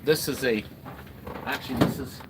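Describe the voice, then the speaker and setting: Here the same kind of rambling livestream chat comes from a middle-aged host selling arcade games, who calls out viewers by name. He speaks at a moderate pace with medium pitch, and the room around him is noisy.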